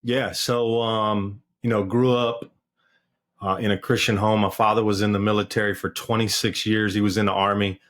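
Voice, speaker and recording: Man, fairly low voice, podcast guest, earnest and candid, many fillers. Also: flat delivery, moderate pace, a bit bright. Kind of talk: personal testimony in casual conversation.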